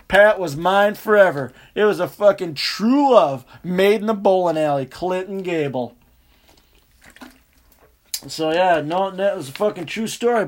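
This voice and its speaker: A man telling a rambling, profane, animated story in casual chat. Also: sits high.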